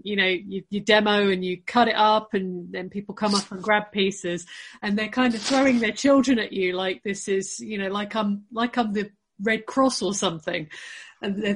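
Wry speaker with a self-mocking story. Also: mid-range voice. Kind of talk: casual anecdote.

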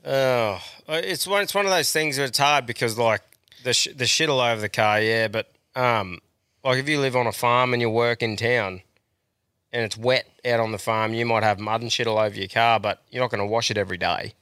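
A man's voice: medium pitch, fairly quick, sharp tone, smooth, no echo, studio quality. A man with an Australian accent co-hosting a podcast, chatting casually in a blunt, sweary way and laughing easily. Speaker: podcast co-host. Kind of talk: casual chat.

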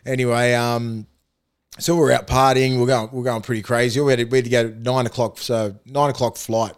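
A man's voice: mid-range voice, little pitch movement, fairly quick. A man with an Australian accent, a former rugby league player, telling rambling, profane anecdotes with frequent laughter in a casual podcast chat.

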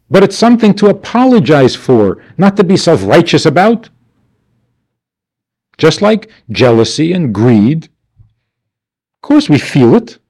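A man's voice: on the high side, darkish tone. A man teaching a class, asking rhetorical questions and answering them himself with wry, mock-indignant asides. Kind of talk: class lecture.

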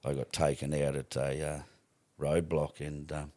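A man's voice: extremely low pitch, little pitch movement, measured pace, dark tone, no room sound. A middle-aged Australian man telling stories on a podcast as a guest, swearing freely and rambling with restarts. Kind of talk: casual storytelling.

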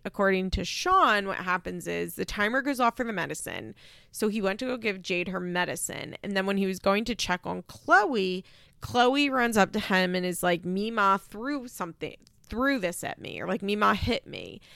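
A woman's voice: medium pitch, expressive, moderate pace, gravelly, a bit bright, no echo, clean studio sound. A young adult woman hosting a podcast, chatting casually and sarcastically through a reality-TV recap with lots of rhetorical questions. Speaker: podcast host.

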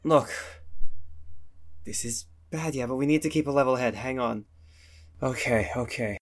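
Calm man pleading for level heads. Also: mid-range voice, moderate pace. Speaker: player. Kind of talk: tabletop role-play.

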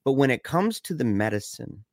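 On a podcast, a male co-host casually discusses a film, his voice jumping up in pitch when he gets excited and sinking low and quiet for somber stories. He stammers and restarts often, and the studio-quality recording has no echo.

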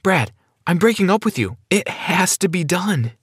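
A man voicing a distraught young woman in a narrated story, speaking in a raised, strained pitch. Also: sing-song, moderate pace, fairly bright tone, husky, no echo, studio quality, heavily acted. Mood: upset.

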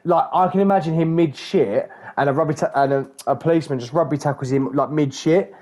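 A man's voice: a little high, a little fast, mellow. Blunt sweary man co-host. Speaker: podcast co-host. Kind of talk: casual chat.

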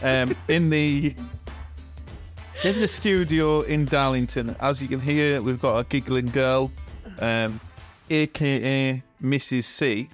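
A British man in his forties hosts a casual podcast, ribbing his co-host with dry, teasing quips. His voice sits at an ordinary middle pitch, with faint music underneath. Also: slow pace. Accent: British English. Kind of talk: casual chat.

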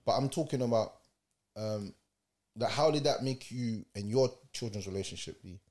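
A man's voice: mid-range voice, moderate pace, a little mellow. A man in a casual podcast chat, telling stories in street slang and acting out the scenes.

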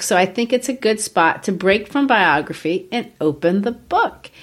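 A woman co-hosting a casual literary discussion, explaining ideas in a measured way with occasional playful asides. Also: mid-range voice. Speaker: podcast co-host.

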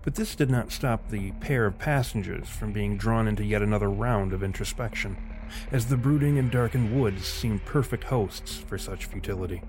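A man narrating a scripted story in a measured, literary way. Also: fairly low pitch, a little mellow, soft background music.

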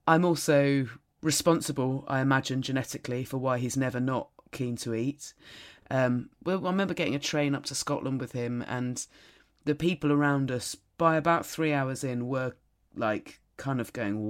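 A woman in her thirties telling parenting stories in casual chat, wry and deadpan. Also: extremely low pitch, moderate pace. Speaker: podcast co-host.

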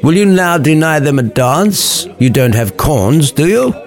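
A man's voice: on the high side, big pitch swings, unhurried, soft background music, voice pushed up. A man voicing a boastful, jovial older lord hosting a party in a comic storybook retelling, hearty and pushy.

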